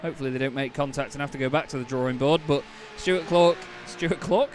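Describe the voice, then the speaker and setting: A young man commentating a sim race live, chatty and quick to laugh with his co-host. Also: fairly high pitch, faint music behind. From Britain.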